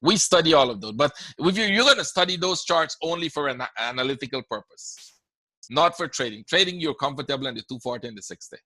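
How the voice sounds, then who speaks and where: Lively intonation and a quick pace mark this man's fairly high, sharp-toned voice, recorded with no echo. Hosting a live trading webinar with a Guyanese accent, he handles questions conversationally and keeps asking "right?".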